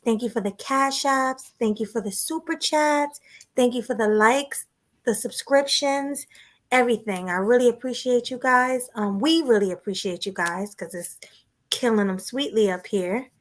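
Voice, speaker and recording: A woman co-hosting a casual livestream podcast, chatting in a relaxed way and thanking her viewers. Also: a little high, moderate pace. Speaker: podcast co-host.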